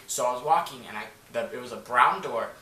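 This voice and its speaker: A man's voice: medium pitch, brisk, bright, forceful tone. A man telling a story to camera in a casual, rambling way, full of "like" and swearing. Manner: rambling, filler-heavy, swears freely. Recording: echoey room, voice from a distance, faint noise.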